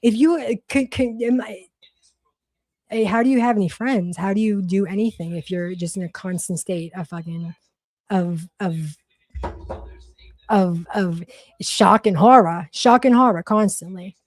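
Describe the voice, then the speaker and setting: A woman's voice: mid-range voice, measured pace, darkish tone, no echo. Blunt Boston woman streaming. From Massachusetts. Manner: blunt, profane, rambling with many restarts. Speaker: livestream host. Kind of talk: casual livestream chat.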